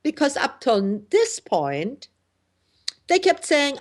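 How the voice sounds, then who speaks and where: A woman's voice: on the high side, sing-song, measured pace. A middle-aged woman from Germany hosting a radio talk show, talking in an indignant, emphatic way with many fillers and restarts. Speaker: host.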